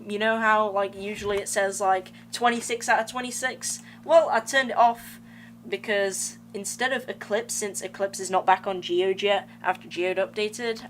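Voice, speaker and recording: A woman's voice: medium pitch, fairly bright tone, slight background noise. A young woman streaming a game, chatting casually with viewers in a slangy, rambling way. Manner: slangy, rambling, talks to chat. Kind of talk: casual live-stream chat while gaming. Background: game music.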